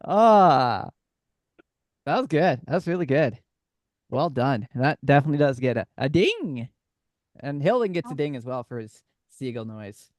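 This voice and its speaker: A man's voice: medium pitch, lively intonation, normal speed, a little mellow, dry recording. Playful guy hosting live chat, voice jumps all over, dry close mic. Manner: playful, laughs often. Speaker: host.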